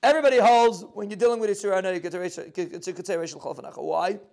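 High-voiced man teaching Talmud. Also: gravelly, a little mellow. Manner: quick explanatory, translating Aramaic text into English with yeshiva phrasing. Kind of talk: daf yomi Talmud lesson.

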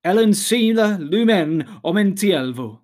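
A man's voice: a little high, lively intonation, normal speed. A man voicing a polite, earnest young male hobbit who asks courteous questions.

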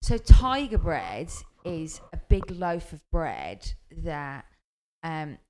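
A woman's voice: low voice, sing-song, takes it slowly, background noise. A woman from the north of England, chatting casually as co-host and explaining British things. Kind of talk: casual podcast chat.

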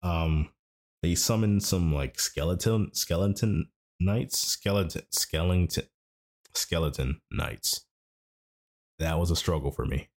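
A man casually recapping an anime episode, rambling and correcting himself as he goes. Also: extremely low pitch. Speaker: anime podcast host.

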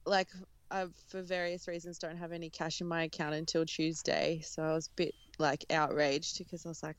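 A woman's voice: low voice, level tone, a little fast, no echo. Laughing young woman telling a story. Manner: rambling storyteller, laughs often, acts out quoted lines. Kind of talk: casual chat.

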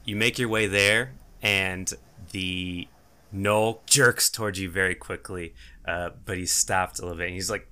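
A man's voice: deep voice, steady tone, measured pace, sharp tone, clear, resonant tone. A man narrating as game master of a tabletop role-playing game, playful and often laughing. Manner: laughing, playful narration with put-on character voices.

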